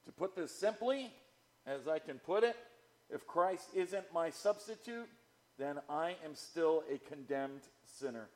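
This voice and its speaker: A man preaching a sermon, slow and emphatic, repeating key phrases for weight. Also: a little high. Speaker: pastor.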